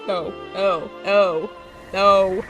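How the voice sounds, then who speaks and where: A woman's voice: mid-range voice, steady tone, extremely slow, over music. A young woman streaming a video game, who reacts emotionally, laughing and tearing up as she plays. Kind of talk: live gameplay reaction stream.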